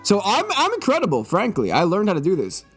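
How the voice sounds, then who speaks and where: A man's voice: high-pitched, wildly swooping pitch, quick pace, slightly rough, faint music behind. A young man streaming live, joking and swearing in a mock-serious monologue, a little tipsy.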